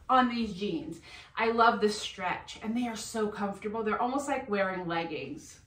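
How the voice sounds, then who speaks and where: Woman, middle-aged, unhurried chatty vlog talk, slightly high voice, echoey room at home. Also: fairly bright tone. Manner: chatty, unhurried, describing clothes. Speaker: fashion vlogger. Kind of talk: casual try-on haul chat.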